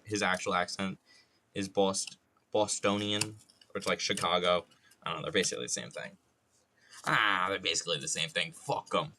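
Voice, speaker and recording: A young man talks loosely to his stream audience as he works on a sculpture. His lowish voice has a bright, forceful edge, and he rambles, swears freely and drops jokey asides. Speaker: art streamer. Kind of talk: casual chat while sculpting on a livestream.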